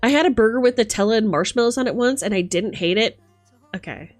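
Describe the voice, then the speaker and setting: A young woman streamer chatting casually with her viewers, animated, laughing and swearing freely. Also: on the high side, fast, soft background music. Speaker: livestreamer.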